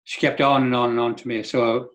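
A man's voice: mid-range voice, level tone, a little fast, fairly bright tone. An older man from Donegal, a guest in a casual interview who tells long, rambling stories and acts out what others said. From Donegal, Ireland. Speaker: guest, Irish dance teacher.

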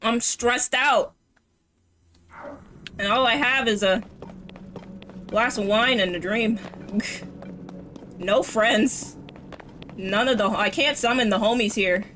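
A woman streams a video game with casual commentary, flipping between mock panic, swearing and sarcastic cheer over the game music. Her voice is on the high side and a bit bright, slow with long pauses, with a little hiss or hum.

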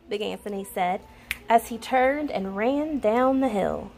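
A woman reading a children's picture book aloud in an expressive storytelling manner. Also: a little high, measured pace, soft background music. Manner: expressive, laughs at the funny parts.

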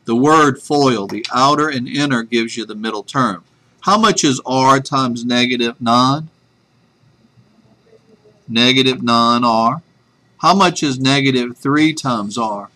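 A man's voice: mid-range voice, sharp tone. A man teaching a math class, chatty and self-deprecating, telling a joke before getting to the lesson. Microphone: webcam. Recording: faint room noise from a webcam.

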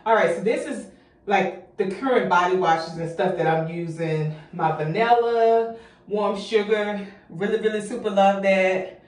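A woman's voice: medium pitch, measured pace, a little mellow, reverberant, recorded from a distance. A young woman vlogging, chatty and effusive, a little out of breath as she talks to her viewers. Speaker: home organization vlogger. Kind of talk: casual vlog chat. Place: bathroom.

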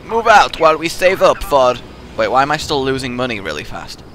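A man giving live gameplay commentary with excitable, swearing trash talk. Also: mid-range voice, brisk, slight background noise. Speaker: gaming video host.

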